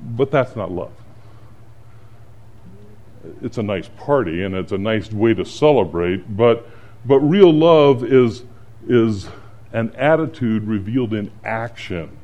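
A middle-aged pastor preaches a sermon, telling stories from his week and growing animated when he acts out panic. His voice is on the low side and unhurried.

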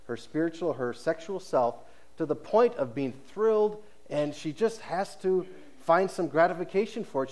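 A man preaching a sermon, explaining scripture and acting out the speakers' words, moving between hushed low phrases and raised emphatic ones. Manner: expository preaching, paraphrasing scripture with dramatized quotes. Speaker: pastor.

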